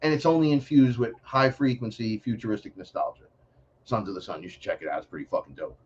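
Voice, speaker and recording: A man telling stories in a casual interview, animated and profane, acting out other voices as he talks. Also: lowish voice, fast, husky, muffled recording. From New York City. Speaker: podcast guest.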